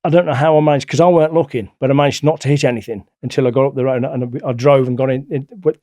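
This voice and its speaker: A middle-aged man, a guest telling stories in a blunt, colloquial, animated way. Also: mid-range voice, rapid-fire, no echo. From England. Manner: blunt, colloquial, animated retelling with acted-out quotes. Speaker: interview guest. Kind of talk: casual storytelling.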